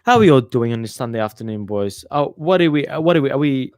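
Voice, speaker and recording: A man's voice: mid-range voice, expressive, fast, darkish tone, dry recording, studio quality. A young man hosting a casual football livestream, rambling and swearing as he reads viewer comments. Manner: chatty and rambling, swears freely, trails off mid-sentence. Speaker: football channel host.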